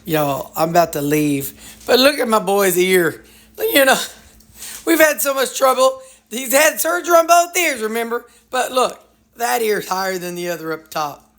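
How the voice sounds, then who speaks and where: A woman's voice: on the high side, animated, moderate pace. A middle-aged woman talking straight to her viewers in a loose, rambling vlog. Her speech is folksy and chatty, with jokes tossed in along the way. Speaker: vlogger. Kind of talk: casual chat to viewers.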